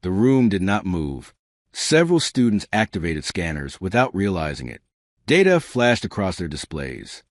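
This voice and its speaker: A man narrating a science fiction story with steady, scripted delivery. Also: sits low, normal speed, no echo, studio quality.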